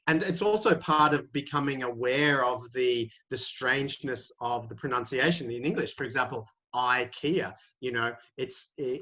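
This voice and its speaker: Hesitant teacher on a call. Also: male voice, medium pitch, fairly bright tone. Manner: hesitant, many fillers and restarts. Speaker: IELTS teacher. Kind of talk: answering questions in a webinar. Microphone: video call.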